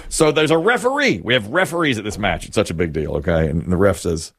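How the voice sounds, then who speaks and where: A man's voice: lowish voice, fast. A man casually telling a funny anecdote, acting out what people said and laughing along. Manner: animated anecdote teller, acts out quoted lines, laughs often. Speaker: co-host telling a story. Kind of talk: casual storytelling chat.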